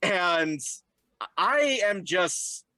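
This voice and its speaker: A young man telling stories in a casual interview, animated and jumping into high voices when he quotes people. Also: very slow, dry recording. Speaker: guest.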